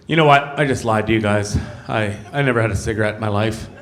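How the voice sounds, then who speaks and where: A man from Canada performing a stand-up comedy set on stage before a live audience, telling stories and breaking into loud shouted bits. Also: on the low side, fairly quick, creaky. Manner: animated, jumps into loud shouted character bits.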